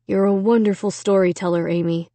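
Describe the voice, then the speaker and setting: A woman's voice: mid-range voice, steady tone, a little fast, warm tone, no room sound, lightly acted. A woman reading a storybook aloud, voicing an angry, stern father who scolds his daughter in a firm, controlled way. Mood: stern calm.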